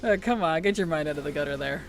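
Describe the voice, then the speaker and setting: A man streaming a video game, chatting in a playful, giggly and animated way. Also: a little high, quick pace, vocal fry, a little hiss or hum. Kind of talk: casual gaming stream chat.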